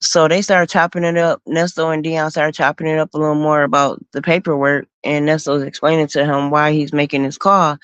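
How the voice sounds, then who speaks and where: A woman hosting a stream, slowly recounting events in a casual storytelling manner. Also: sits low, flat delivery, fairly bright tone, clean tone, no room sound. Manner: slow, recounting events with acted quotes. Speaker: host.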